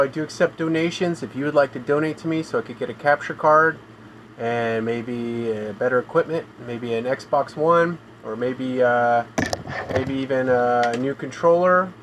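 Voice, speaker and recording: A man talking in a flat, weary monotone on a casual live stream from his home room, sounding tired and in pain as he complains. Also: medium pitch, normal speed, a little hiss or hum, rough recording. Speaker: gaming streamer.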